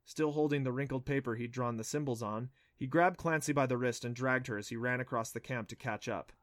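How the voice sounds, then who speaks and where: A man narrating a children's adventure novel in a steady, even storytelling way. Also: mid-range voice, a little fast, hardly any pauses, no room sound, studio quality. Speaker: audiobook narrator. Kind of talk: scripted narration.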